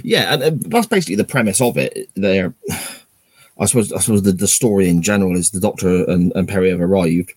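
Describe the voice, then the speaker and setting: A deep-voiced man with a husky grain co-hosts a casual podcast chat, taking his time to explain each plot point. The sound is dry and close, with no room around it. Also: expressive, fast talker, a little mellow, dry recording. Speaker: podcast co-host.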